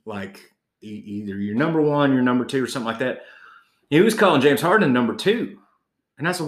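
A man's voice: mid-range voice, animated, brisk, echoey room. A man co-hosting a casual sports chat, ranting in a heated, profane way.

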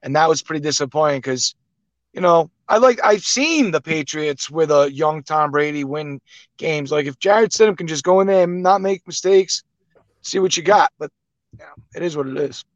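A man's voice: fairly high pitch, moderate pace, no room sound. Guy breaking down plays, kinda hesitant, lots of ums, dull dry lo-fi sound. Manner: hesitant, many fillers. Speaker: podcast co-host. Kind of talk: casual sports analysis.

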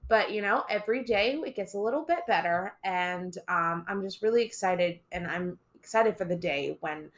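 A woman's voice: mid-range voice, normal speed. A young woman, a teacher, chatting casually on a podcast, telling stories and acting out voices. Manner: chatty storyteller, acts out voices and swears for laughs.

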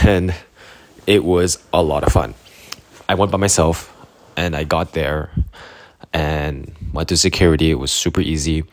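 Low-voiced young man telling a story. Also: fairly even intonation, unhurried, pauses often, no echo. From Canada. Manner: rambling, laughing, acts out quoted people. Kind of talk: casual storytelling.

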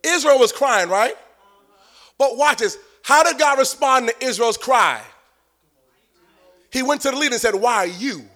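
A man preaching as a pastor, shouting and singing out phrases and acting out the voices of the people in his text. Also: extremely high pitch, expressive, moderate pace, long pauses. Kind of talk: sermon.

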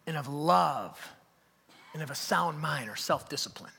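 A male pastor preaching a sermon live in a church hall, telling stories in an animated way and dropping to hushed, near-whispered emphasis. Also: fairly high pitch, moderate pace, vocal fry, husky. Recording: long reverb of a large hall.

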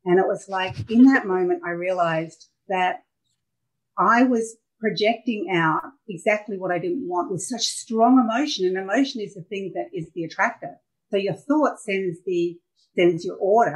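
A middle-aged Australian woman telling personal stories as a podcast guest, candid and animated as she acts out scenes. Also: medium pitch, normal speed, poor audio. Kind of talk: personal storytelling in a podcast interview.

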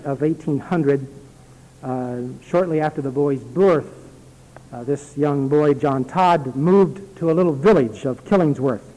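A man preaching in a church, his voice pitched high for a man and carried by a long hall reverb. He speaks earnestly and climbs into strong, repeated calls to his listeners. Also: mellow. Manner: earnest, building to rising emphatic exhortation. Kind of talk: sermon with a read-aloud letter. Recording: long hall reverb, 1982 sermon tape.

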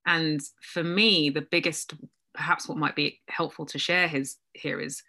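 A woman's voice: low-pitched, fairly even intonation, unhurried, bright, forceful tone. A woman guest speaking reflectively about her own doubts, self-deprecating and laughing often in a casual conversation. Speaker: guest, business coach.

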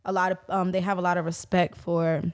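A young woman from New Jersey, a musician guest chatting casually in an interview. She tells animated stories with plenty of swearing and jumps into loud, high reactions. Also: fairly quick.

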